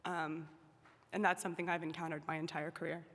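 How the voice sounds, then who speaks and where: A woman's voice: deep voice, flat delivery, brisk, a bit bright. A woman speaking on a convention panel in an earnest, matter-of-fact way. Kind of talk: candid convention panel talk. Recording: reverberant convention hall.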